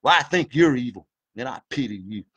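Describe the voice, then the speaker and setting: A man's voice: mid-range voice, expressive, fairly quick, sharp tone, husky. Fired-up man ranting. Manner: fired-up, preachy, swears a lot, folksy. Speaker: video commentator. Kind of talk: impassioned monologue.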